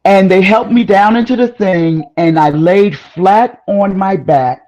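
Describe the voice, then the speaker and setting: A woman guest in a casual chat, telling a personal story in an animated, rambling way with frequent exclamations. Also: medium pitch, unhurried, low-quality recording.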